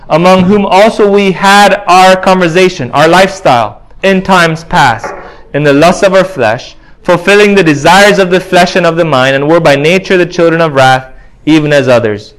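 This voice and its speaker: A man's voice: high-pitched, fairly bright tone. A man preaching a sermon, earnest and insistent, reading scripture aloud and repeating key phrases for emphasis.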